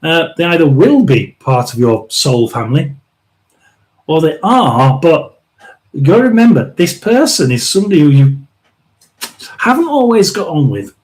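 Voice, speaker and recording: A man hosting a live tarot reading, rambling and emphatic, often restarting and clearing his throat. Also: fairly high pitch, big pitch swings, darkish tone, poor audio. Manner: chatty and emphatic, drawn-out stresses. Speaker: tarot reader and live stream host.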